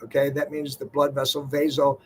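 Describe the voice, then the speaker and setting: A man's voice: mid-range voice, monotone, normal speed, a little hiss or hum. An older man hosting a radio health show, talking in a folksy, conversational way with lots of "you know" fillers. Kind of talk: talk radio monologue.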